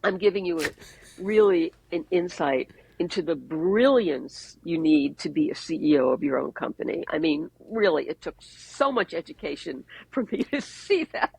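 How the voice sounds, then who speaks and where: Brief: gravelly woman guest, husky, dry close sound, lively storytelling with wry humor. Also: lowish voice, normal speed, no room sound, poor audio. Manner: animated anecdotes with wry jokes. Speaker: advertising executive guest. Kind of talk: conversational storytelling. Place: podcast interview.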